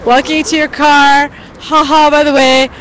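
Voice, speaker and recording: A woman's voice: sits high, little pitch movement, a little slow, fairly bright tone, low-quality recording. A woman hosting a casual phone livestream outdoors at night, chatty and swearing casually. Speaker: livestream host. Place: outdoors at night on a city street. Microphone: phone held in hand. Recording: phone recording with faint street noise.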